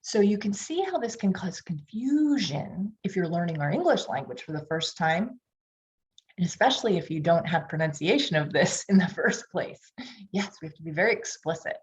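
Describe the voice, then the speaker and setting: Reading specialist, woman, Pittsburgh accent, lowish voice, demonstrating sounds for tutors. Dull lo-fi audio. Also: lively intonation, normal speed. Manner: demonstrates sounds, coaches the audience to repeat. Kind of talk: tutor training lecture. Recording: dull lo-fi online session audio.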